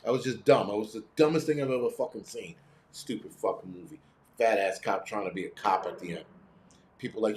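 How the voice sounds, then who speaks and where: A man's voice: on the low side, brisk, darkish tone. A middle-aged man hosting a live stream, ranting with heavy profanity and sarcasm while answering chat. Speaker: host.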